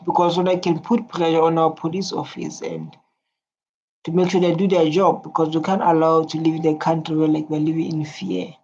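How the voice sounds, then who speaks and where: A woman's voice: sits low, flat delivery, a little fast, darkish tone. A woman hosting a reaction video, speaking earnestly, repeating herself and humming while she listens. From South Africa. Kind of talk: emotional reaction commentary. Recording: dull lo-fi audio with faint noise.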